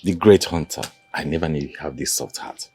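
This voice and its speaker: An actor with a Nigerian accent playing a jovial, boastful king who laughs loudly and teases. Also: a little fast, soft background music. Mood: tender. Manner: booming laughter, expansive and teasing. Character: jovial, boastful African king, a grown man.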